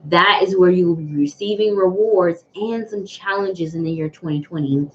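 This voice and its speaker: A woman's voice: on the low side, normal speed. A woman hosting a live tarot reading, speaking earnestly to viewers and often repeating herself. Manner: earnest, repetitive, greets viewers by name. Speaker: tarot reader hosting a livestream. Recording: dull lo-fi livestream audio with faint noise.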